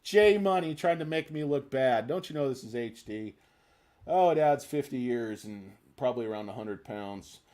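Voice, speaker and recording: A man's voice: mid-range voice, animated, moderate pace, darkish tone. A middle-aged man hosting a stock livestream, rambling and ranting with self-deprecating jokes. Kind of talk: casual rambling livestream chat.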